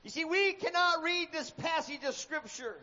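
A man's voice: extremely high pitch, expressive, normal speed. A man preaching a sermon, telling a story dramatically and acting out the characters' cries. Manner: dramatic, acts out shouted lines. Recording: dull echoey hall recording.

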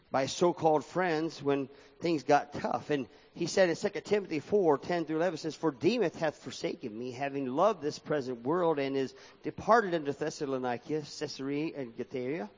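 A man's voice: on the high side, darkish tone. A man preaching a sermon with a sing-song cadence that swings up and down, reading scripture aloud in a church hall. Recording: dull lo-fi sound with long hall reverb.

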